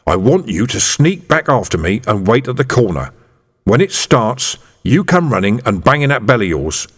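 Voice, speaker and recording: A man doing a streetwise middle-aged police sergeant, dry and mock-official, his pitch swinging lively. The voice carries a long, roomy reverb. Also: moderate pace, breathy edge. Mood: whispered. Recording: reverberant room.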